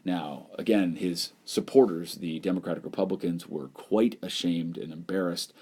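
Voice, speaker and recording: Male teacher, deep mellow voice, casual lecture-style voice-over for a whiteboard lesson. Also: moderate pace, breathy edge. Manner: loose, conversational explaining with frequent "you know" and "um". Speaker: history teacher. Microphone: voice-over over whiteboard slides.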